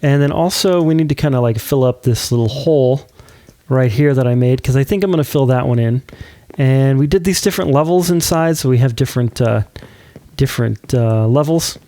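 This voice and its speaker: A man's voice: medium pitch, a little fast, mellow, no room sound. A man hosting a let's play, chatting casually and giggling while he builds. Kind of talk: casual gameplay commentary.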